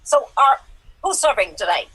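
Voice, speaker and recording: A woman's voice: high voice, big pitch swings, normal speed, fairly bright tone, breathy edge, heavily acted, rough recording. A woman playing a short, pushy male star. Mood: blustering. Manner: blustering, repetitive, demanding. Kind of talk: improv comedy impression. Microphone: video call.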